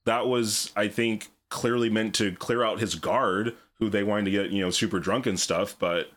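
A man's voice: fairly low pitch, steady tone, moderate pace, fairly bright tone. A man talking casually and ramblingly in a book discussion podcast, swearing freely. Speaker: podcast co-host.

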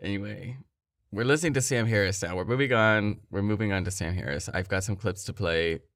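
A man's voice: lowish voice, brisk, a bit bright, dry recording, clean studio sound. A man hosting a podcast in casual chat, reacting with frequent exclamations. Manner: reactive, exclaims often, laughs. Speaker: podcast host.

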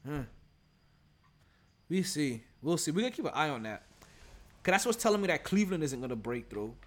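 High-voiced casual sports podcast host. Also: male voice, sing-song, brisk. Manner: loose, profane and chatty.

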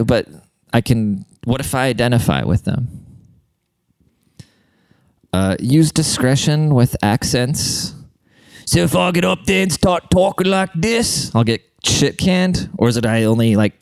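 A man's voice: mid-range voice, a little mellow, clean tone, no room sound. A man ranting in a casual monologue, blunt, profane and mocking.

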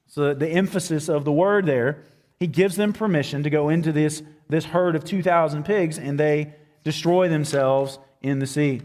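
Male pastor, higher-pitched, conversational sermon delivery, long hall reverb. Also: moderate pace, darkish tone. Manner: conversational preaching with fillers and acted-out quotes.

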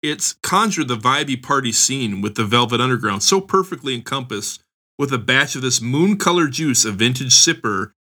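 This podcast co-host is a man with a bright, mid-range voice. He talks at a moderate pace with lively intonation in a casual chat.

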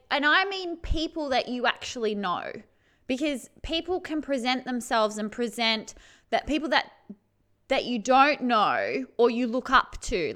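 A woman's voice: a little high, pushed and bright. A woman vlogger giving self-help advice in casual talk, swearing freely, laughing often and acting out her feelings, with lots of "right?". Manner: keeps checking in with "right?". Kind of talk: casual direct-to-camera chat.

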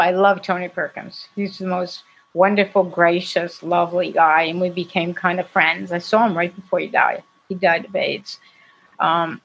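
An older woman talks through her memories with a lively storyteller's energy and frequent laughs. She speaks in a relaxed conversational interview manner. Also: lowish voice, low-quality recording. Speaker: actress and guest. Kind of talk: casual interview chat.

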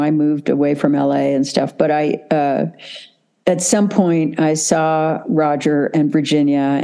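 Older lady actress chatting away, low mellow voice, laughs a lot. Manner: animated, chatty, laughs easily. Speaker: actress and guest. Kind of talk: casual interview storytelling.

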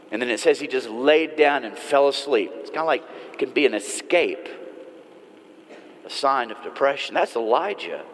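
A man preaching a sermon in an earnest way, slowing and softening some phrases and pushing others for emphasis. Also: fairly high pitch, long reverb tail. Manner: earnest, varies pace and loudness for emphasis. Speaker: pastor.

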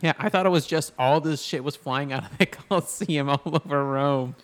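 A man's voice: a little high, moderate pace. A man co-hosting a podcast, chatting casually while reviewing a movie, rambling and laughing often. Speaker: podcast co-host.

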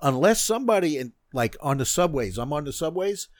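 Older New man, rambling, higher voice. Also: big pitch swings, a little fast, no echo, clean studio sound. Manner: rambling, with frequent "you know" and restarts. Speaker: guest martial arts instructor. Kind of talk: casual interview talk.

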